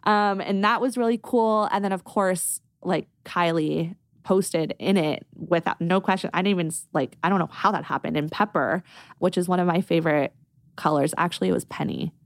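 A woman, a brand founder, telling stories in a casual podcast interview, animated and full of "like". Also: on the low side, dry recording. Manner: animated, quick, lots of "like".

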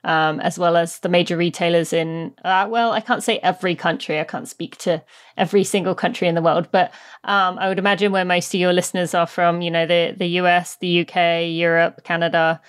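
A British woman, a guest and book author, talking in a warm, easy way with plenty of ums. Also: lowish voice, steady tone, brisk, smooth. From Britain. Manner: warm, laughs easily, many ums. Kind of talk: casual podcast interview.

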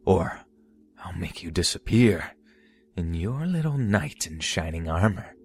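A man's voice: low voice, sing-song, a little slow, husky, heavily acted. A man voicing a deranged male clown stalker who croons sing-song, lovesick taunts. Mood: crooning, menacing.

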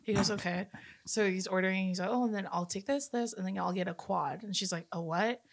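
A woman's voice: mid-range voice, a little fast. A woman co-hosting a podcast, telling a family story in casual chat. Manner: lively, laughs often, tells family stories. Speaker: podcast co-host.

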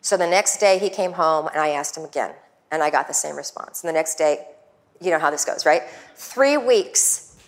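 A woman coach telling a lively personal story, acting out the people she quotes. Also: deep voice, moderate pace. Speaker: guest coach. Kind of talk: storytelling talk.

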